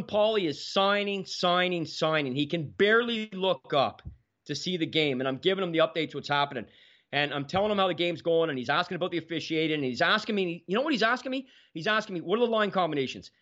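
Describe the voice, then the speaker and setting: A man, a podcast guest telling stories in a lively way and acting out the dialogue. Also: sits high. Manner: animated, acts out quoted dialogue. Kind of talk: casual storytelling. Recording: dull lo-fi sound.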